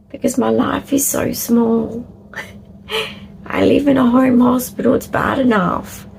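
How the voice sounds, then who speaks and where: Very gravelly middle-aged Australian woman. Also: fairly high pitch, slow, slight background noise, low-quality recording. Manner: rambling, animated, laughs often, drops into soft whispers. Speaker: vlogger. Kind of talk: candid personal vlog talk.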